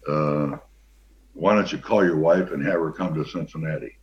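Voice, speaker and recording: A man's voice: rumbling low, moderate pace, muffled recording, voice pushed down. A man imitating a stern older male football coach with a clipped, formal manner. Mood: fatherly.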